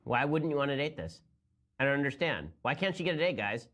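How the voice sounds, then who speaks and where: Rapid-fire sarcastic male commentator. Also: mid-range voice, expressive. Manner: sarcastic, incredulous, fast-talking. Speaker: political commentator host.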